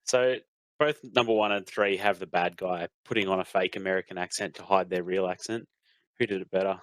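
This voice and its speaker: A man's voice: low-pitched, steady tone, fairly quick, a bit bright, dry recording. A man hosting a casual film podcast, leading the topics and filling with "like". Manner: leads topics, leans on "like". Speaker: podcast host.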